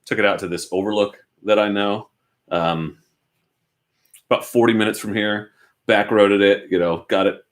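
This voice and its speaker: A man's voice: on the low side, fairly even intonation, normal speed, pauses often. A young adult man from Oregon, chatting casually and self-deprecatingly as a motorcycle channel host, answering viewers from his home garage. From Oregon, United States.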